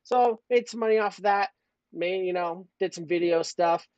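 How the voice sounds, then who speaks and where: A man's voice: high-pitched, normal speed, darkish tone, clear, resonant tone, dry recording. Man co-host, crude and rambling, dull dry lo-fi stream sound. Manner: crude, rambling, self-mocking. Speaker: podcast co-host. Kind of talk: casual storytelling and chat.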